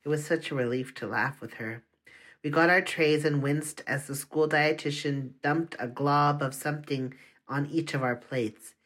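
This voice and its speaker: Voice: medium pitch, fairly even intonation, normal speed, a bit bright. An audiobook narrator telling a first-person story in an earnest, confessional manner.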